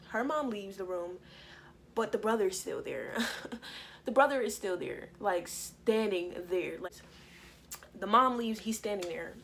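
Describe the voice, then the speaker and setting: A young woman vlogger telling a story in a casual, profane, animated way. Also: medium pitch, normal speed, slight background noise. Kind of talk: storytime vlog.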